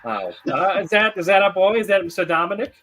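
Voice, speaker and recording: A man's voice: high-pitched, big pitch swings, fast talker, a bit bright, faint music behind, pitched above the performer's own voice. A man voicing a fussy older woman who runs a bar, gushing and affectionate. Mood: fussing.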